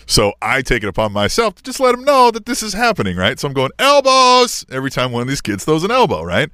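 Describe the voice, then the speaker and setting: In a clean, dry studio recording, a middle-aged man co-hosting a podcast narrates a story with plenty of energy. His voice is mid-range and his pace quick, and "right?" keeps popping up as he chats casually.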